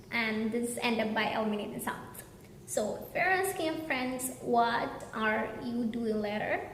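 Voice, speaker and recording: Woman tutor, earnest pronunciation lesson, reverberant room with a faint hum. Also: on the high side. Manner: earnest, slow demonstrating of example words. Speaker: English pronunciation teacher.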